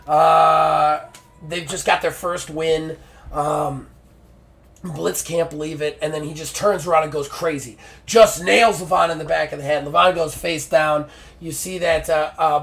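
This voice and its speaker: Male streamer running a solo wrestling RPG, gravelly voice, chatty and filler-heavy. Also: on the high side. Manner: excited play-by-play with many fillers. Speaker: game master and streamer. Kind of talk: narrating a solo wrestling tabletop game.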